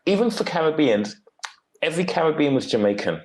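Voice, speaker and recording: Podcast host: man, animated and emphatic, lots of agreeing. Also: fairly high pitch, a little fast, low-quality recording. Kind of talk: casual podcast chat.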